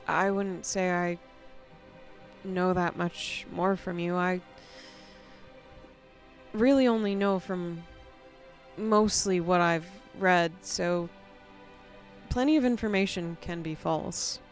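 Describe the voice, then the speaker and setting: A young woman in a tabletop game session, speaking softly in character and narrating her character's actions. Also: lowish voice, faint music behind. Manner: slow, soft, storytelling. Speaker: player. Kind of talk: in-character tabletop play and storytelling.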